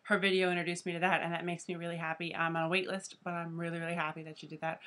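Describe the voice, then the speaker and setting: A young woman vlogger chats casually and gushes about favorites, often saying "like" and "fabulous". Her voice sits on the lower side but has a bright, forward ring to it. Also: level tone, racing, hardly any pauses. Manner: chatty and gushing, says 'like' and 'fabulous' often. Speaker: beauty vlogger. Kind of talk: casual chat.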